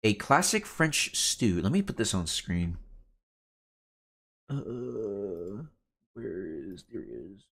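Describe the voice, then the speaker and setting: A man's voice: on the low side, very animated, takes it slowly, creaky, pauses often, a bit bright, husky. A man streaming a game, chatting casually with his chat and laughing often. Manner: laid-back, laughs often, reads chat aloud.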